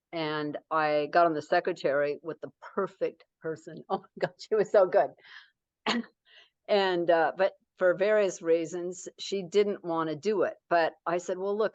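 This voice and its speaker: A woman's voice: sits low, no room sound, muffled recording. A middle-aged woman author talking casually in an interview, rambling with many fillers and restarts.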